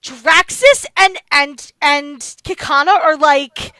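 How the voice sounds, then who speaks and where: A woman narrating a tabletop game as game master, excited and halting as she speaks. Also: high voice, no room sound.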